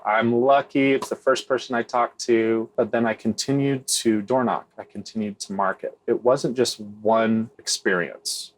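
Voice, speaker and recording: Middle-aged guy, kinda low voice, candid interview chat, keeps saying right?. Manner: candid, repeats "right?", restarts phrases. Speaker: real estate investor. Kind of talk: conversational interview answers.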